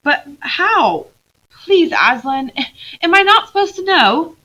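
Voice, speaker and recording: A woman reading aloud and voicing a young girl, eager and emotional, pleading in a high, excited voice. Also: slow pace, muffled recording, heavily acted.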